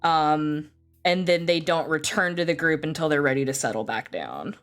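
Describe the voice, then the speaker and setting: A woman's voice: sits low, lively intonation, moderate pace, a bit bright. A woman with a Southern US accent chatting as a player, hesitant and full of fillers. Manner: hesitant, filler-heavy, giggly. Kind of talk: casual chat about a tabletop game.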